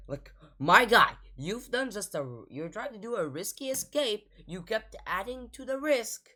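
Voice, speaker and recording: A woman's voice: mid-range voice, sing-song, slow pace, pushed and bright. A woman hosting a reaction video, talking casually and rambling in exasperation.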